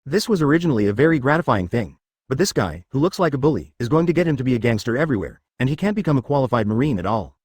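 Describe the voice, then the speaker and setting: A man's voice: mid-range voice, big pitch swings, racing, few pauses, a little mellow, slightly rough, no room sound, studio quality. A man reading a story as narrator in a mechanical way, saying symbols and numbers aloud. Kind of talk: scripted narration.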